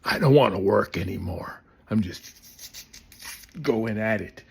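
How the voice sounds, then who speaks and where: A man telling a comic story to the camera, swinging between loud bursts and hushed asides. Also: lowish voice, slow, vocal fry, pauses often, breathy edge.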